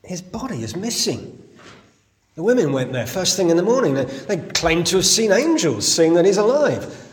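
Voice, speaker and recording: A man preaching a sermon. He tells the story in an animated voice that rises and falls widely, and he keeps asking his listeners questions. His pitch sits in an ordinary middle range. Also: big-room sound. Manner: lively, storytelling, rhetorical questions. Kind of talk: sermon, Bible exposition.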